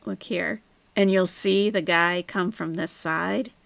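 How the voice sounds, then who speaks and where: A woman's voice: lowish voice, fairly even intonation, slow pace, creaky, fairly bright tone, a little hiss or hum. A woman hosting a reaction commentary, wry and amused, talking at her computer close to the mic. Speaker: commentary host.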